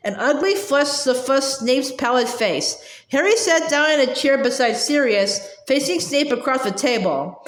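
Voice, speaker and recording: A woman's voice: sits high, expressive, unhurried. A woman reading a novel aloud casually, stumbling and restarting now and then, in a roomy echo. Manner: reads with frequent hesitations and restarts. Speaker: reader.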